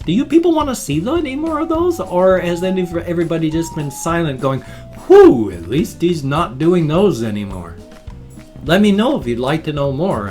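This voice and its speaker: An older man vlogging alone, talking casually and in a folksy, rambling way, his sentences often trailing off softly. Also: fairly high pitch. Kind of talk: casual vlog monologue.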